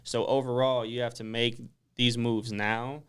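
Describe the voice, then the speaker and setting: A man's voice: medium pitch, unhurried, clear, resonant tone. A man being interviewed as a guest on a radio talk show, explaining things casually and filling his sentences with "like". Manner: relaxed, explanatory, lots of "like" fillers.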